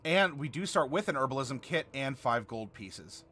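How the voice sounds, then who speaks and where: Chatty man with a bright voice. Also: medium pitch, animated, moderate pace, slightly rough. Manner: chatty, reads and answers viewer comments. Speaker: host building a game character live. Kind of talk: casual livestream chat.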